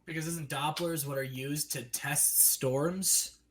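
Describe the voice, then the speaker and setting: A man's voice: fairly high pitch, fairly even intonation, slow pace, crowd noise. A man co-hosting a game playthrough, chiming in with playful jokes. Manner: playful, jokey. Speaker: co-host. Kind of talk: casual let's-play banter.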